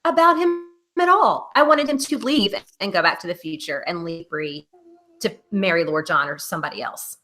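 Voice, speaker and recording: A woman in her thirties co-hosting a casual podcast chat, an animated storyteller. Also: normal speed. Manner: animated storyteller, acts out quotes in a high wail. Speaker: podcast co-host.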